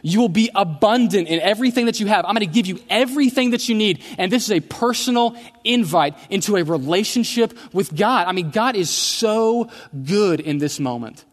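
Male pastor, sermon, chatty storyteller with humor; slightly high voice, echoing church hall. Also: expressive, fairly quick, few pauses. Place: church sanctuary. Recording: long church hall reverb.

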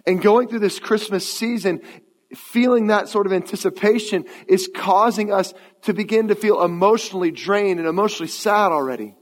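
High-voiced pastor in a reverberant hall. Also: male voice, normal speed. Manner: conversational storytelling. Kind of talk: sermon. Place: church sanctuary. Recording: long church hall reverb.

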